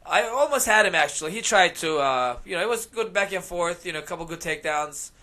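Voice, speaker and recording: Bright-voiced man in rambling chat. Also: sits high, lively intonation, fast talker. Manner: rambling, laughs often, lots of fillers. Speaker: podcast guest, MMA fighter. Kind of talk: casual chat.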